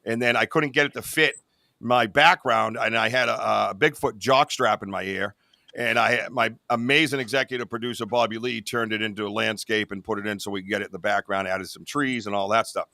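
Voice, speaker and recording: A man's voice: on the low side, fairly even intonation, fairly quick, gravelly, bright, forceful tone, no echo, studio quality. A man hosting a podcast in casual chat, rambling with lots of "you know what I mean.". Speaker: podcast host.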